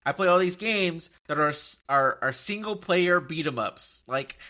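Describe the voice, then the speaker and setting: A man co-hosting a casual podcast, excitable and prone to swearing and animated outbursts. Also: a little high, measured pace. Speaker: podcast co-host. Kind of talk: casual chat.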